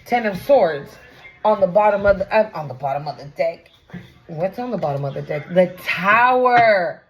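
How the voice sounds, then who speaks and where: A woman's voice: lowish voice, normal speed, faint music behind. A woman giving a casual tarot reading to camera, blunt and profane, talking straight to the viewer and often asking "right?". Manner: animated, often exclaims and asks "right?". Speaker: tarot reader.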